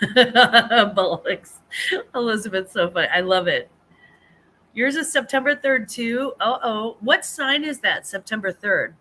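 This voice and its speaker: A woman's voice: a little high, expressive, normal speed, bright, forceful tone. A middle-aged woman hosting a casual live chat stream from home, rambling and reading comments, laughing often and restarting her sentences.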